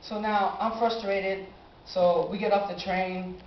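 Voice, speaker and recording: An eighteen-year-old man telling a personal story on stage, animated and acting out his own reactions. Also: high-pitched, slow, a little hiss or hum. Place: live stage in a small cafe venue. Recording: roomy, dull amateur live recording.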